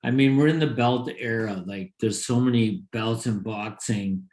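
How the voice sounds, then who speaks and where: A man co-hosting a boxing podcast in casual sports chat, rambling and excited, talking in bursts. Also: on the low side, normal speed. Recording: roomy echo.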